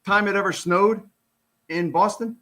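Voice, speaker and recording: A man's voice: sits high, unhurried, bright, forceful tone. A middle-aged man, a retired police officer, gives casual commentary on a released document. He talks in an exasperated, sarcastic, rambling way.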